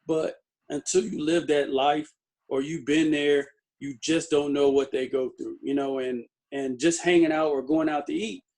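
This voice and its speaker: A man's voice: a little high, fairly even intonation, moderate pace, a little mellow. A man who is a guest in a casual interview, telling stories loosely with lots of fillers and restarts.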